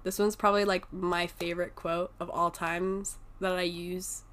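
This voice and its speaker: A woman's voice: fairly low pitch, level tone, moderate pace, fairly bright tone. A woman co-hosting a podcast in casual chat, swearing freely and laughing as she acts out movie lines. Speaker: podcast co-host.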